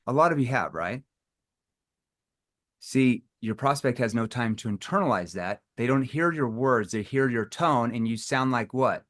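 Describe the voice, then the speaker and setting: A man's voice: medium pitch, normal speed. A man running a live sales training session, talking to the audience and acting out phone calls in playful voices. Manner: animated, acts out phone calls with playful tones.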